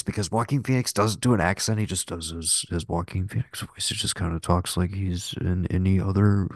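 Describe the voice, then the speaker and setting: A man's voice: low voice, fairly even intonation, a little fast, few pauses, dry recording, clean studio sound. A man co-hosting a podcast, talking casually and rambling about films, with lots of filler words and cursing. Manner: rambling, profane, heavy filler "like". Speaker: podcast co-host. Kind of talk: casual film discussion.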